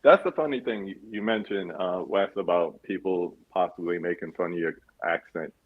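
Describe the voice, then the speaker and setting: Husky low-voiced New man hosting. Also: normal speed, phone-quality sound. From New York. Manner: chatty, laughs often. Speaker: podcast host. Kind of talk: casual video-call interview.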